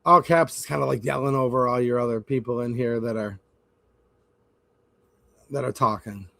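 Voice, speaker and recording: A man's voice: mid-range voice, fairly even intonation, normal speed, gravelly, a bit bright, no echo. A man hosting a live stream, giving blunt, opinionated casual commentary and talking straight to his chat.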